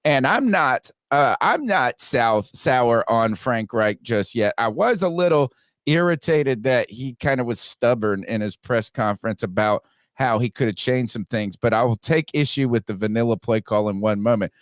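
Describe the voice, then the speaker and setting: A man's voice: medium pitch, lively intonation, moderate pace, dry recording, studio quality. Opinionated man hosting a sports podcast. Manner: opinionated, reads viewer donations aloud, frequent restarts. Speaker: podcast host. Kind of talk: casual sports podcast chat.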